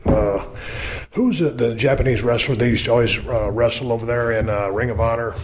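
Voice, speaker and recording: Guy hosting a podcast, rambling, excited, talks in circles. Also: mid-range voice, brisk, a little hiss or hum. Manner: rambling, enthusiastic, many restarts. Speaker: podcast host. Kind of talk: casual wrestling talk.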